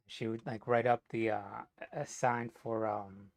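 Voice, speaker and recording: A man's voice: on the low side, little pitch movement, a little slow. A man from New Jersey telling a rambling, profane story in a casual monologue, full of "you know" fillers. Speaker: vlogger.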